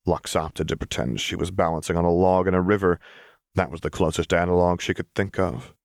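A man reading a fan-fiction story aloud as narrator, with steady storytelling. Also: low-pitched, brisk, gravelly, dry recording, studio quality. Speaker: audiobook narrator. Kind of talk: scripted narration.

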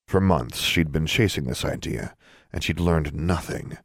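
Deep-voiced man reading a story aloud. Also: no echo, studio quality. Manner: even, measured storytelling. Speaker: narrator. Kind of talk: audiobook narration.

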